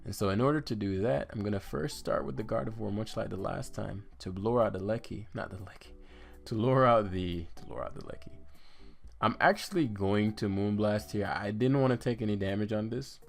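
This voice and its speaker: A man's voice: fairly low pitch, brisk, vocal fry. A man giving live commentary on a competitive game, swearing and trash-talking his opponent as he plays. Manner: profane, frustrated, trash-talking. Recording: faint guitar music behind.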